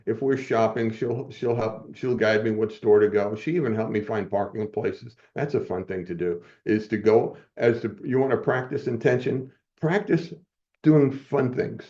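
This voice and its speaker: Here an older guest on a podcast tells a wandering story about his own life at a moderate pace, his lowish voice sounding mellow. Frequent chuckles and self-corrections mark this casual interview chat, and the recording comes through muffled and flat.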